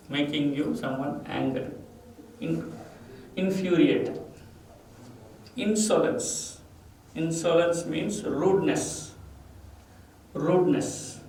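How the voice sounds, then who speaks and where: Male English teacher with an Indian English accent, deliberate pace, recorded away from the mic in a reverberant room with faint noise. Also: on the high side, darkish tone, distant mic. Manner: slow, repeats each word and its meaning with stress. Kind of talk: classroom vocabulary lesson.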